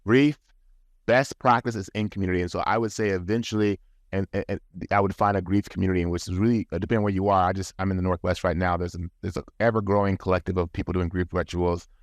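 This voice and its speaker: A man's voice: sits low, level tone, fast talker, dry recording. A man guest on a podcast, talking in an earnest, advising way with frequent restarts, recorded in a studio. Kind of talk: casual podcast talk.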